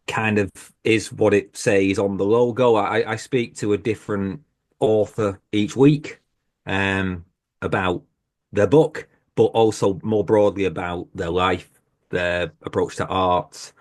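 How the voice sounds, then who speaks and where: A man's voice: lowish voice, slow pace. A British man who hosts a horror podcast, speaking as a guest on a video-call panel in a chatty, self-deprecating way, with stammered restarts. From Britain. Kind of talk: casual panel chat. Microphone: video call mic.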